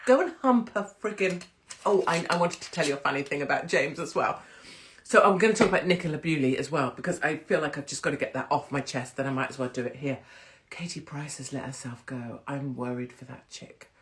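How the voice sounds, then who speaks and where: A woman's voice: rumbling low, steady tone, a little fast. A middle-aged woman chatting candidly to camera, blunt and rambling, swearing freely. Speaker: vlogger.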